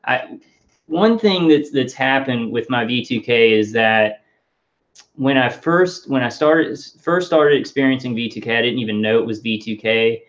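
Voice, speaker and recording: A man speaks straight to his viewers in a loose, rambling monologue. He often stalls, repeats words and reaches for fillers before going on. His voice sits in an ordinary middle pitch, and the audio is muffled and lo-fi. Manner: rambling, halting, many restarts and fillers. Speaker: vlogger.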